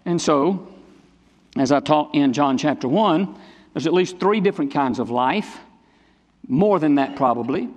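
A man preaches in a high, emphatic voice, driving his points home through repetition. His pitch swings between low, quiet passages and raised ones. The long reverb of a church sanctuary trails after each phrase. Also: lively intonation, a little slow, long pauses. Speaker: pastor. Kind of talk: sermon.

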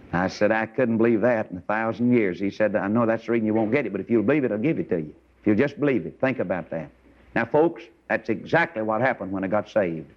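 A man preaching a folksy, animated sermon, telling stories and rising to high exclamations. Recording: dull lo-fi sermon recording.

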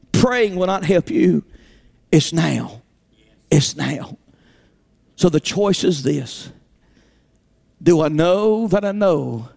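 A male preacher delivering an impassioned sermon, breaking into sudden shouts and dramatic swings in delivery. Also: on the high side, vocal fry. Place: church.

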